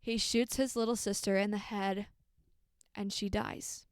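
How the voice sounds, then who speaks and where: A woman's voice: medium pitch, fairly even intonation, a little slow, smooth, dry recording, clean studio sound. A woman hosting a true crime podcast, retelling a case in a casual, conversational way with frequent ums and likes.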